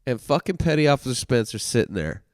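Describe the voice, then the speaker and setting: A man telling a casual story on his podcast, cursing freely and shifting between loud outbursts and near-whispered asides. His voice sits at an ordinary male pitch, recorded dry and close. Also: fast talker, no room sound. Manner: profane, animated, swings from loud to hushed. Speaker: podcast host telling stories.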